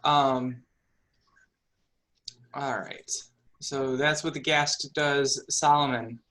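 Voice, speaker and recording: A man narrating a tabletop game as game master, unhurried and full of fillers. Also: medium pitch, steady tone, a bit bright, rough recording.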